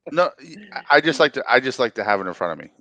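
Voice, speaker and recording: A male podcast co-host in casual sports chat who keeps hammering the same argument. His voice sits at an ordinary middle pitch. It is recorded close and dry, with no room sound. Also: very animated, rapid-fire, a bit bright, no room sound. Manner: argumentative, repeats his point insistently.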